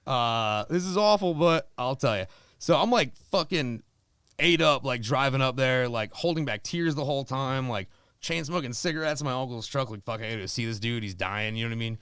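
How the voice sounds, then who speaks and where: A man's voice: mid-range voice, lively intonation, moderate pace, fairly bright tone, clear, resonant tone, dry recording, clean studio sound. A man from Florida, a stand-up comedian guesting on a podcast, telling casual comic stories in a profane, rambling way full of likes and dudes.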